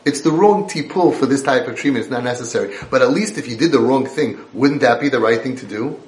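A man's voice: mid-range voice, fast talker, a little mellow, roomy sound. A man giving a Torah lecture as a parenting coach, talking emphatically and conversationally and repeating his points.

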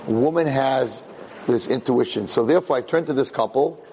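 A middle-aged man, a rabbi, giving a Torah class as an animated storyteller who repeats words as he restarts his sentences. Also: mid-range voice, moderate pace, a little hiss or hum.

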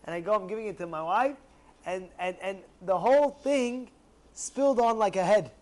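A man's voice: high voice, moderate pace. A young man teaching a religious lesson to a class, telling stories animatedly and often asking his listeners rhetorical questions. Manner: animated storyteller who acts out angry outbursts.

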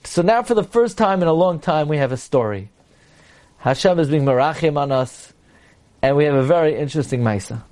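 A man teaching a Talmud class, reading Aramaic lines and explaining them with lively retelling. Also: on the high side, brisk. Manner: reads Aramaic then explains in English, animated.

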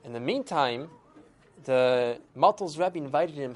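A woman telling a folk tale with lively expression, using Yiddish and Hebrew terms. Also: deep voice, a little slow. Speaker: storyteller. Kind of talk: animated storytelling.

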